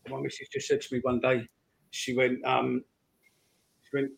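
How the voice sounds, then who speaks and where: Bloke with a gravelly voice, rambling on about his trips on a live footie podcast. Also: mid-range voice, completely flat delivery, normal speed, background noise. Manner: rambling storyteller, chuckles often. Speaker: podcast co-host. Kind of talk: casual chat.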